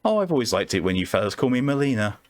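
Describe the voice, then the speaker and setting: A man voicing a sickly, flirtatious female entity who drawls and teases, in a high falsetto. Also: expressive, very fast. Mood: teasing. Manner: teasing, calls listener sugar and honey.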